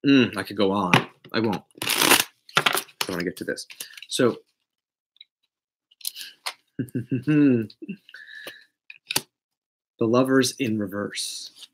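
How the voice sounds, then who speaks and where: A man giving a casual tarot reading, talking emphatically and playfully, swinging between loud bursts and quiet asides. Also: lowish voice, very slow, pauses often, heavy background noise. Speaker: tarot reader.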